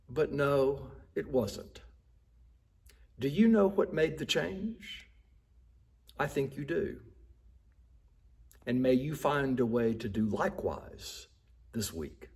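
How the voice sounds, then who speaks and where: A man telling a moral story on the radio in a lively, conversational way. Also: medium pitch, takes it slowly, long pauses, slightly rough.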